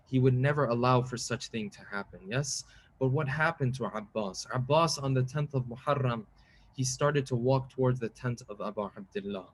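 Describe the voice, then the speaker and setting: A man giving a mournful sermon, telling a tragic story with rising emotion and quick recited lines. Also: mid-range voice. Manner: quotes Arabic lines in quick chant-like recitation. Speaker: preacher. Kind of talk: mournful majlis sermon narration.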